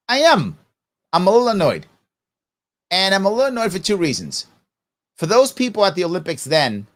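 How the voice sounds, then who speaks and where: Emphatic, lively middle-aged male host. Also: a little high. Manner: animated, emphatic, talks back to clips. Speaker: show host. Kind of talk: opinionated live commentary.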